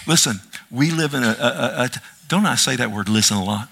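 Middle-aged man, pastor, bright and forceful sermon delivery, repeats for emphasis, jokey asides. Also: mid-range voice, brisk, creaky, husky. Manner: animated, repetitive emphasis with asides and self-deprecating humor.

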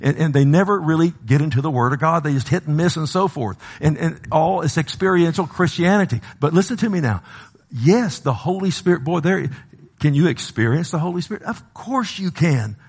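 Gravelly-voiced preacher man, impassioned. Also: animated, fairly quick. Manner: impassioned, swinging from loud exhortation to low emphasis, calls of "Amen?". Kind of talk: sermon.

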